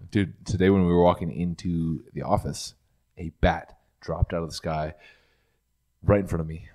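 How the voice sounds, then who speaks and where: Very low-voiced young male host, easygoing banter. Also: moderate pace. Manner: relaxed, jokey, wraps up the show. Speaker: podcast host. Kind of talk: casual chat.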